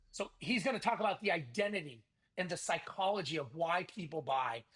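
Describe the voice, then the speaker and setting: A man, a podcast guest, talking about his business event in a lively salesman's manner and acting out quoted conversations. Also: high voice, fairly quick. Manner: energetic salesman, acts out quoted dialogue. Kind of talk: casual interview talk.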